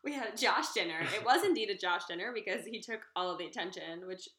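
Bright, teasing young woman. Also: mid-range voice, animated, fast talker, roomy sound. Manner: teasing, giggly. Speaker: podcast co-host. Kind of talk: casual sibling chat.

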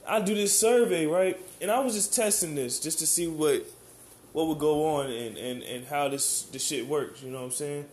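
A man's voice: on the high side, normal speed, darkish tone, slight background noise. An American man in a heated, profane, rambling monologue, often asking "you know what I'm saying". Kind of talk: ranting monologue.

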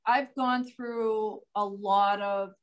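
In a casual interview, a middle-aged woman guest, a psychic medium and author from near Boston, Massachusetts, speaks earnestly and at length with a light Boston accent. Her mid-range voice is smooth and steady, with drawn-out words, and her talk is full of "um"s and restarts.

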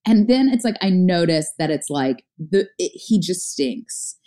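A middle-aged woman telling a story in casual conversation, talking fast with lots of filler words and acting out what people said. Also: fairly low pitch, expressive, dark tone. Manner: fast, chatty, lots of "like" fillers, acts out her own past lines. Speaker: guest, startup founder.

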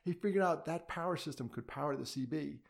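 A man's voice: a little high, fast, creaky. A middle-aged man, a podcast guest, telling a personal story in a candid, conversational way, with quoted asides.

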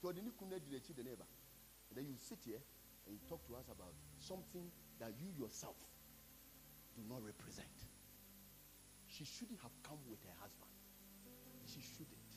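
A man with a Ghanaian accent preaching a sermon, building up to shouted lines. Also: mid-range voice, very animated, normal speed, long pauses, rough recording. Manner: preaching, switching between Twi and English, rising to shouts. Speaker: pastor. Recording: with loud music behind.

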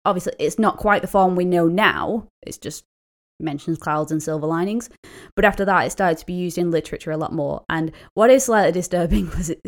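A woman co-hosting a casual podcast, explaining word origins with fillers and light laughter. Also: fairly low pitch. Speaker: podcast co-host.

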